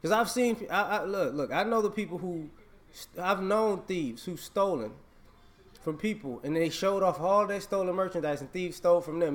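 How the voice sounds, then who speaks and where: A man's voice: sits high, normal speed. A man vlogging a casual opinion rant, emphatic and repetitive, scolding and laughing.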